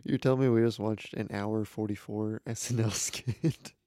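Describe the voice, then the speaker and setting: A man's voice: fairly low pitch, steady tone, normal speed, mellow, dry recording, clean studio sound. A man co-hosting a comedy podcast, chiming in wryly and hesitantly about a movie. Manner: wry and hesitant, admits he does not remember. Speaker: podcast co-host. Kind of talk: casual comedic movie review chat.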